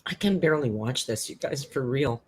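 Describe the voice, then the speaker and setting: A woman's voice: rumbling low, animated, moderate pace, darkish tone, breathy edge. A woman hosting a live-stream reaction, chatting emotionally with frequent laughter and swearing. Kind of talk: casual live-stream commentary.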